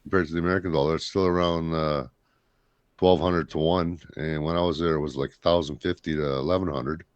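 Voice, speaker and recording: A man's voice: a bass voice, steady tone, brisk, clean tone, dry recording, dull audio. A man from Canada hosting a casual talk show, blunt and rambling in his opinions. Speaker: podcast host. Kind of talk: casual chat.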